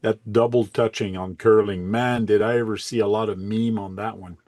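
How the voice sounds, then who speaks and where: A man with a fairly low voice hosts a relaxed hobby chat show. He rambles comfortably and corrects himself mid-sentence. The sound is dry and close. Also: moderate pace, no echo. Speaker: host. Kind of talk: casual livestream chat.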